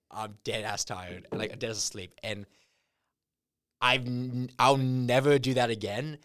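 A young man chats on a podcast, spinning long, rambling stories with an absurd, deadpan streak. His voice sits in a middle pitch. It is recorded close and dry, with no room sound. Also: measured pace, no room sound. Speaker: podcast co-host. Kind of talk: casual chat.

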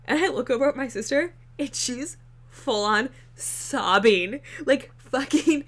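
A woman's voice: high voice, a little slow, crowd noise. A woman co-hosting a casual chat, telling a road trip story with lots of swearing and filler words. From Nebraska. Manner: swears a lot, lively storytelling with frequent "like".

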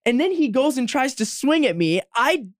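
A man's voice: extremely high pitch, very animated, normal speed, dry recording, studio quality. A young man casually telling a long, profane anecdote to friends on a podcast. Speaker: podcast guest storyteller. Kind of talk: casual storytelling among friends.

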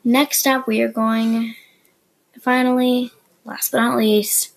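A woman with a breathy, husky voice teaches beginner Spanish on her podcast. She talks casually and explains things plainly. She often drops into soft, murmured asides. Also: fairly high pitch, little pitch movement, slow pace, rough recording. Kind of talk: casual beginner language lesson.

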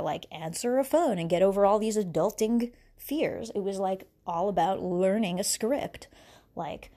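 Rambling husky-voiced woman musing aloud. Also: fairly low pitch, darkish tone. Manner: rambling, wandering with many restarts and fillers; laughs between thoughts. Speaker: podcast host. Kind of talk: casual spiritual musing monologue.

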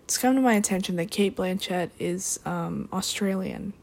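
A young adult woman talking alone in a rambling, deadpan way, drifting between topics with dry asides. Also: medium pitch, moderate pace, vocal fry. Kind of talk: rambling solo monologue.

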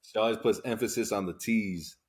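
A man cohosting a podcast in relaxed, agreeable casual chat. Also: fairly low pitch, fairly quick, slightly rough.

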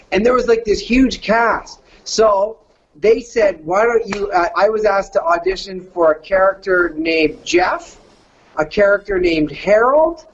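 A man's voice: high-pitched, lo-fi sound. A middle-aged man from Canada, a voice actor casually telling a story and slipping into surfer-dude voices.

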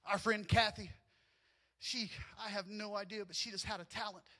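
A man with a high, bright voice preaching a sermon. He tells personal stories with lively, animated energy and often climbs almost to a shout. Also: normal speed. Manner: animated storytelling, often rising to near shouts, with laughs. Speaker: pastor.

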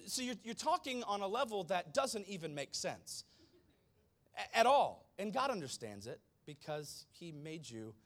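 A male preacher giving an animated, conversational sermon with slangy asides. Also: a little high.

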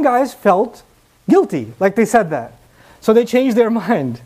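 High-voiced man preaching emphatically. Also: sing-song, unhurried, a little mellow. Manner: emphatic, with repeated rhetorical questions. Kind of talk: sermon.

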